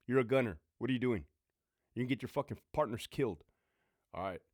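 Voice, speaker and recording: Middle-aged ex-prison sergeant ranting, swears a lot, voice jumps all over, dry close sound. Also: male voice, mid-range voice, lively intonation, brisk, darkish tone, no echo. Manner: blunt, profane, lecturing. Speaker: military veteran. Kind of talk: profane storytelling monologue. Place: home.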